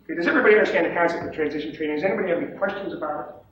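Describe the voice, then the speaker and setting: Brief: male trading instructor, emphatic and repetitive, slightly higher voice, distant mic in a very echoey room. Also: racing, lo-fi sound, slight background noise. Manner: emphatic and repetitive, checks in with "okay?". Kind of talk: seminar lecture.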